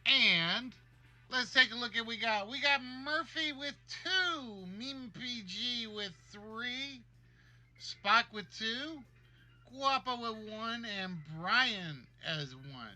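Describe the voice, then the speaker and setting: Bright-voiced high-pitched male game show host. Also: slow pace, soft background music. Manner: jokey, reads guesses aloud. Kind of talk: livestream game show hosting.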